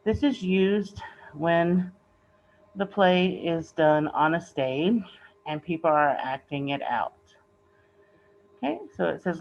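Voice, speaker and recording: A woman's voice: fairly low pitch, slow pace, pauses often, a little mellow, highs cut off. A woman teacher patiently reading a play aloud to her students and explaining it.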